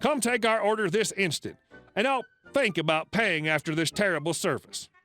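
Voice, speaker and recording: A man voicing a rude, demanding woman diner with a Southern US accent, talking down slowly as if to a child. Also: sits high, pushed and bright, faint music behind. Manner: condescending, slow and demanding.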